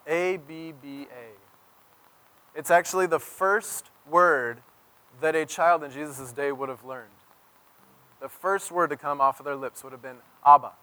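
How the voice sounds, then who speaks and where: A man preaching a sermon as pastor, telling stories and swinging from loud emphasis to near-whisper. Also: on the high side.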